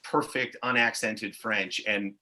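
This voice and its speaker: A man's voice: lowish voice, fairly even intonation, slow pace, pushed and bright. A man from Montreal with an English Canadian accent, telling tangential stories in a casual podcast chat with frequent swearing. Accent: English Canadian (Montreal Anglophone). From Montreal, Quebec. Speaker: guest, actor and improviser.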